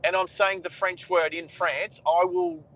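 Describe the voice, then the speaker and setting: A man's voice: high-pitched, fairly even intonation, measured pace, a bit bright, rough recording. An Australian man rambling in casual chat while he drives, often restarting his sentences. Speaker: co-host driving. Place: inside a moving car.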